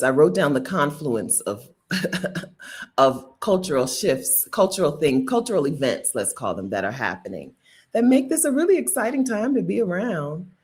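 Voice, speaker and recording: A woman hosting a casual livestream, chatty and playful, laughing often and answering viewer comments. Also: low-pitched. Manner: chatty with many asides and restarts. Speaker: livestream host.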